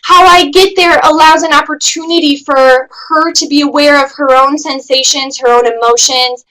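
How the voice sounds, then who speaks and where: Woman, webinar presenter, high voice, bright tone, earnest, emphatic. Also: fairly even intonation, moderate pace, low-quality recording. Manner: earnest, emphatic, repeats "really" for stress. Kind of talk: educational webinar talk.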